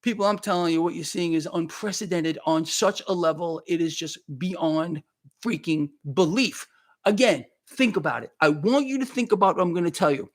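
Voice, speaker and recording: His voice is a little high and moves at a normal speed. Hosting his market commentary livestream, this man rants in a heated, worked-up way, sweating as he repeats himself and calls out viewers by name to thank them.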